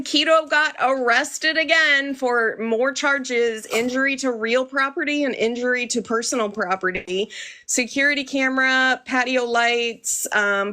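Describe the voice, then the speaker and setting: A woman's voice: fairly high pitch, fairly bright tone. A woman hosting a casual commentary update, explaining events in a matter-of-fact way. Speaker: commentary host.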